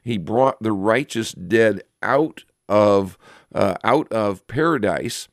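Man, low voice, Bible teacher, unhurried explaining, lots of fillers, dry close sound. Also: lively intonation, no echo. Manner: explanatory, reads scripture aloud, frequent filler pauses.

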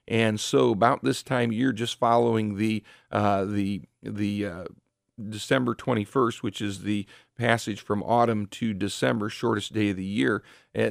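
A man giving an informal Bible teaching talk, halting often with filler words and restarts. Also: on the low side, vocal fry, no echo, clean studio sound.

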